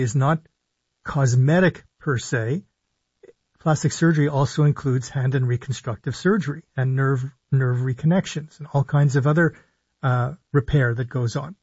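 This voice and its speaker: Male radio doctor, mid-high husky voice, dry studio sound, slightly dull audio; measured, explanatory read. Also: a little mellow, dry recording. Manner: measured, explanatory, slow emphasis on key words. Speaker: radio show host, physician. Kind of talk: live call-in radio talk.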